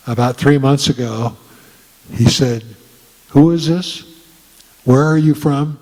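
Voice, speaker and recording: Older man telling stories in a hall. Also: mid-range voice. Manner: folksy storytelling, frequent "uh" pauses. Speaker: guest speaker. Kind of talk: casual talk to an audience. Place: meeting room. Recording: reverberant hall.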